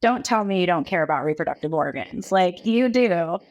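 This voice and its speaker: Woman, from South Texas, animated storyteller, laughs often, lowish voice, casual interview. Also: moderate pace. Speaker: women's health founder, guest.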